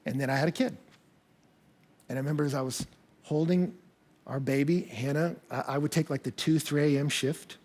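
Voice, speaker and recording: Male pastor preaching, high husky voice, candid and lively storytelling. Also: brisk, pauses often. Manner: animated, candid storytelling with self-deprecating humor. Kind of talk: sermon. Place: church service.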